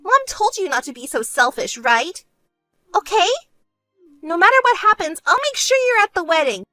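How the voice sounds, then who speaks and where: A woman voicing a vain, self-centered young woman who talks in a smug, whiny way and turns shrill when angry, in an animated story. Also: moderate pace, no room sound, faint music behind, exaggerated voice. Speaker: bride-to-be sister.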